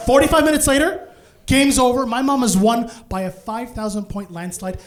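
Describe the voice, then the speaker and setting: A man from Canada doing stand-up storytelling on a comedy club stage, animated and laughing through his punchlines. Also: very high-pitched, moderate pace.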